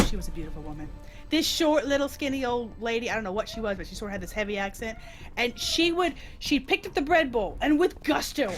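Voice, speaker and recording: A woman with a high voice tells a long story to friends during a game stream. She talks in an animated, giggly way, her pitch swinging widely, with frequent restarts as she rushes ahead. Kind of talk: casual storytelling chat during gameplay.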